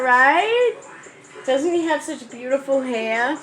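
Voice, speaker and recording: A woman's voice: sits high, expressive, takes it slowly, a bit bright. A woman with a New York accent vlogging her daily routine at home, chatting to viewers and switching into sing-song baby talk with her child. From New York, the Bronx. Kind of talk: casual home vlog. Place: at home, indoors. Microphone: camera set up on a stand in the room. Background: music playing in the house.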